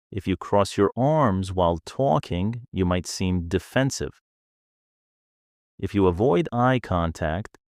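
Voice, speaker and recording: A man giving a scripted English speaking lesson, calm and explanatory as he offers tips. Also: deep voice, no room sound, clean studio sound.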